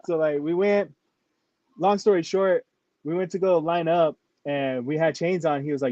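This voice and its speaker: A man's voice: fairly high pitch, fairly even intonation, normal speed, darkish tone, no room sound, highs cut off. A man, a rapper from New Mexico, telling stories in a casual interview, filling nearly every phrase with "like". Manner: rambling, fills with "like" constantly.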